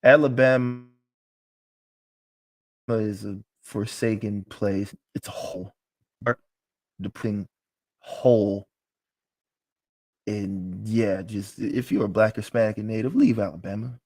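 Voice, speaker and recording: A man's voice: on the low side, steady tone, takes it slowly, pauses often, darkish tone. Emphatic joking man teaching a class. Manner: emphatic, joking, with frequent restarts. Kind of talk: casual live class commentary.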